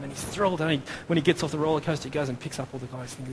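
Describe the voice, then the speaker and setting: A man's voice: on the high side, fast, few pauses. An Australian man in his thirties gives a chatty, self-deprecating sermon in a church, with many fillers and restarts. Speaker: preacher. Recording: long hall reverb, faint room noise.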